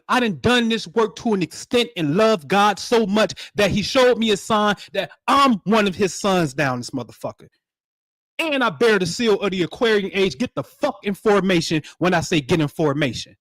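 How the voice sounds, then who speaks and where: A man hosting a spiritual livestream, talking in animated, preachy street slang. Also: high voice, moderate pace, no echo, clean studio sound. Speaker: livestream host.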